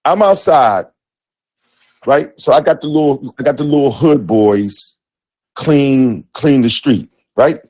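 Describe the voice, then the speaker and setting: A man's voice: mid-range voice, takes it slowly, a little mellow, no room sound. A middle-aged man, co-host of a sports talk show, telling a story with profanity and emphatic acted-out dialogue. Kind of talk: animated storytelling.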